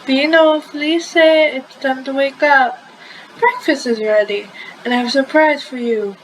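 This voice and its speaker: A woman reading aloud and voicing a gentle mother who speaks in a soft, sing-song way. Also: sits high, unhurried, a little hiss or hum, rough recording. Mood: warm. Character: gentle caring mother calling her sons.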